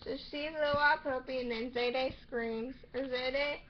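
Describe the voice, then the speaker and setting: A young woman casually recapping a TV episode, rambling and acting out characters' lines in quick bursts. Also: high voice, fairly even intonation. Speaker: recap vlogger. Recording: slightly muffled home recording with faint noise.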